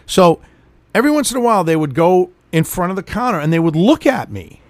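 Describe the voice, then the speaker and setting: A middle-aged man telling a profane, animated story in casual chat. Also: high voice, fairly quick, no echo. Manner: animated, swears freely, acts out quotes.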